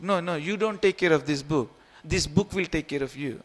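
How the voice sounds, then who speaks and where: Chatty man in his forties, higher voice. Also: brisk. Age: 40s. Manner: chatty, jokey, repeats phrases, coaxes listeners. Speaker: temple speaker. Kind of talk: informal scripture class. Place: temple hall.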